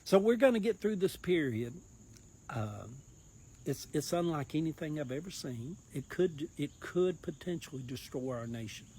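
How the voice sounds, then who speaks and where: A man's voice: on the high side, animated, normal speed, darkish tone, a little hiss or hum, poor audio. A man with a Southern US accent, a political campaigner talking earnestly in a rambling, folksy monologue. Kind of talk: casual monologue.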